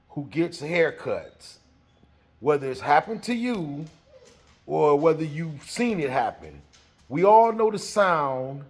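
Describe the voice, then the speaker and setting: A man telling a story in a casual way, animated and laughing as he acts out the scene. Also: mid-range voice.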